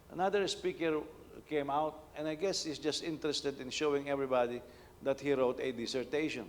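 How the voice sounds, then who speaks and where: An older male pastor delivers a sermon with a slightly high-pitched voice, telling stories in a loose conversational way and often circling back to restart his sentences. His voice rings out with a long reverb, as if recorded in a large church hall. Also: steady tone, normal speed, slight background noise. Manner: conversational storytelling with many restarts. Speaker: senior pastor.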